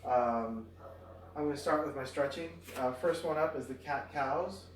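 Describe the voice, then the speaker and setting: A man's voice: medium pitch, moderate pace, recorded from a distance, a little hiss or hum. Tired man vlogging from across a roomy space. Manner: relaxed, rambling, many fillers. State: tired after exercise. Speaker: fitness vlogger. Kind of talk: casual exercise vlog. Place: at home near a backyard.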